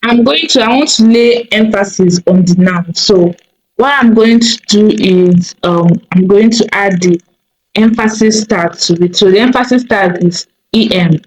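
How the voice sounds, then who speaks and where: A woman with a medium-pitched voice teaches a coding tutorial over a screen recording, and the audio quality is poor. She thinks aloud slowly, using many fillers and making small self-corrections.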